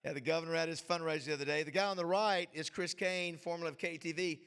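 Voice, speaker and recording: A man emceeing a club luncheon, with a gravelly, somewhat high voice. He pumps up the crowd with shout-outs and gets emotional along the way. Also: fairly even intonation, fast talker. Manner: hyped crowd-rousing, emotional asides. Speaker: host. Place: banquet hall.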